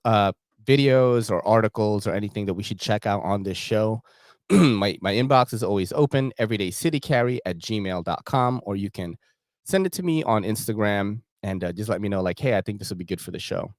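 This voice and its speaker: A man's voice: lowish voice, no echo, studio quality. A man hosting his own show, talking casually, swearing freely and chuckling often. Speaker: podcast host.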